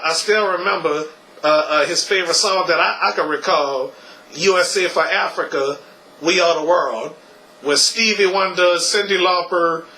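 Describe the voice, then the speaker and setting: A man's voice: fairly high pitch, sharp tone, a little hiss or hum, low-quality recording. A young man vlogging casually, stammering and repeating his words, and ending lines with "you know" and "okay.". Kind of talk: casual tribute vlog.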